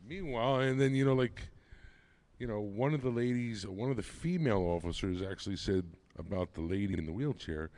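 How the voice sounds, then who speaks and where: A man's voice: on the low side, brisk, darkish tone. A man co-hosting a casual podcast, telling a story in a joking, offhand way. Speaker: podcast co-host. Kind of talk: casual chat.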